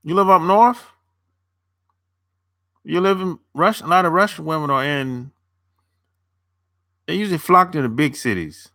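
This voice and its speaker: A man's voice: a little high, measured pace, pauses often, sharp tone, dry recording, studio quality. A young man chatting loosely on a live stream, answering viewers as a dating coach, rambling and repeating himself with casual swearing.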